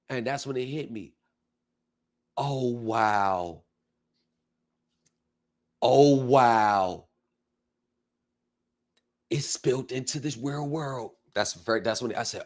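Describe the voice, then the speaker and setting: A man hosting a casual livestream chat, telling stories with lively, animated reactions and frequent swearing, heard over a remote video call. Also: slow, long pauses. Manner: animated storyteller, acts out his reactions with big pitch jumps and swearing. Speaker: livestream host.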